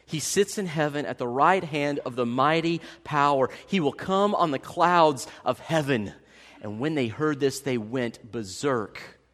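Male pastor, sermon delivery, slightly high voice, long church-hall reverb, dynamic storyteller. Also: moderate pace. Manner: animated storytelling, swings from loud to hushed.

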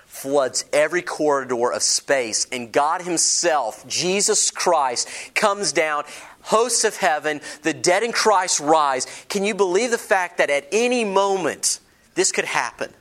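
A man's voice: high voice, animated, measured pace. Dramatic storytelling male pastor. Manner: dramatic shifts from loud to hushed, storytelling with humor; asks the congregation questions. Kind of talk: sermon.

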